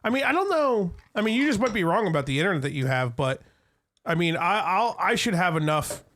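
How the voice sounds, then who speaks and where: A man's voice: sits high, big pitch swings, brisk, fairly bright tone, slight background noise. A man co-hosting a casual podcast, talking loosely and swearing while drinking. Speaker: podcast co-host. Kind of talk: casual chat.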